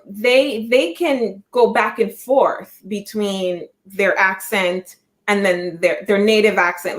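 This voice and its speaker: Hosting a casual psychic livestream, a Jamaican-born woman in her thirties who grew up in Canada talks in a mid-range voice with a Canadian accent. Her storytelling is animated and rambling, broken by many restarts and laughs.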